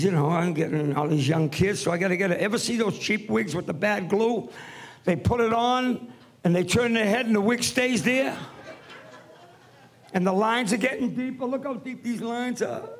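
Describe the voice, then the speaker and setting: A man's voice: high-pitched, breathy edge. A man in his seventies performing a stand-up comedy routine in a theatre, brash and teasing the audience with punchy one-liners. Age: 70s. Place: theatre stage before a live audience.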